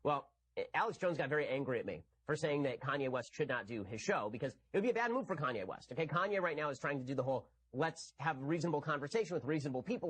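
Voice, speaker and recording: A man's voice: medium pitch, fairly bright tone, slightly rough. A man giving an argumentative commentary monologue. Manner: rapid, argumentative. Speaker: political commentator.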